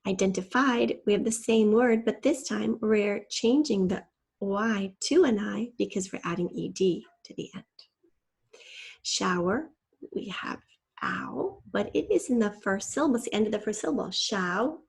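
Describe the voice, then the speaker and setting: A woman's voice: medium pitch, normal speed, creaky, a little mellow, slightly rough. A woman teacher giving a patient, step-by-step spelling lesson and spelling out letters from a shared document.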